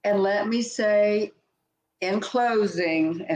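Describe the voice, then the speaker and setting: A woman's voice: medium pitch, drawn-out words, darkish tone. An older woman, a senior sales director, reminiscing in a heartfelt, meandering way with many restarts. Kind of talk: reminiscing conversation. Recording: echoey room.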